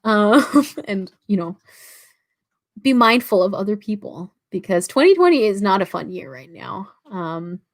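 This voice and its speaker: A woman's voice: medium pitch, expressive, a little slow. Young Canadian woman, livestream host, chatty, lots of fillers, reads chat aloud. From Toronto, Canada. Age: about 19. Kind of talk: casual livestream chat reading comments.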